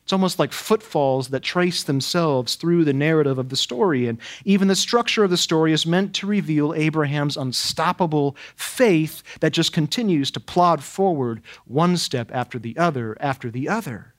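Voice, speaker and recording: Higher-voiced man preaching a dramatic sermon. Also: moderate pace, few pauses. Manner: dramatic rhetorical questions, emphatic repetition. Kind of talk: expository sermon.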